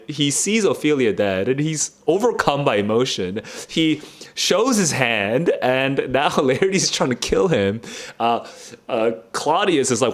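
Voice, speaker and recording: Male streamer, excitable and halting, slangy live play reaction, laughs a lot, mid pitch. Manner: casual slangy commentary. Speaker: book club streamer.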